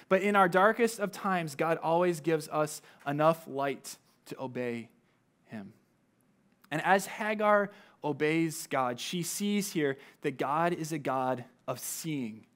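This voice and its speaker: A man with a fairly high voice preaches a sermon. He keeps it conversational and talks straight to the congregation, often breaking off for asides. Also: a little slow, fairly bright tone. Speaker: pastor.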